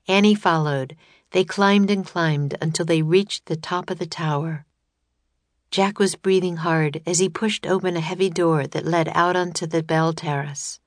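A woman reading a children's storybook aloud in steady, clear narration. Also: fairly low pitch, no echo. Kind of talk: scripted audiobook narration.

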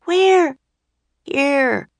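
A woman voicing an eager, brave young girl, a bit hoarse, in an audiobook. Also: high-pitched, lively intonation, unhurried, no echo, voice pushed up, exaggerated voice. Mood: calling, eager. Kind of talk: audiobook character voice.

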